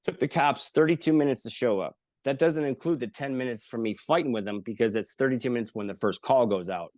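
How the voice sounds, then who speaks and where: A man telling stories in casual chat, lively and profane, acting out the people he quotes. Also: medium pitch, fast, dry recording. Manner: animated, swearing, acts out quotes in voices. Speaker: podcast guest. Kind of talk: casual storytelling.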